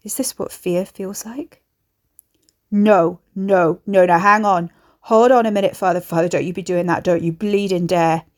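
A woman voicing a desperate young monster man who pleads and shouts at his parents. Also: mid-range voice, steady tone, normal speed, creaky, hardly any pauses, husky. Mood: panicked.

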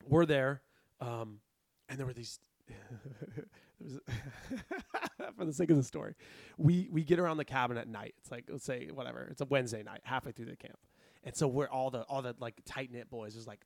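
A young man telling a story in casual chat, animated and laughing often as he acts out quotes. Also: mid-range voice, creaky, no echo. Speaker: podcast co-host.

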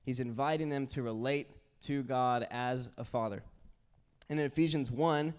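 Young pastor, animated and smooth-voiced. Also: male voice, medium pitch, moderate pace. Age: young adult. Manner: animated storyteller, acts out kids' voices. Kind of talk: sermon with personal stories.

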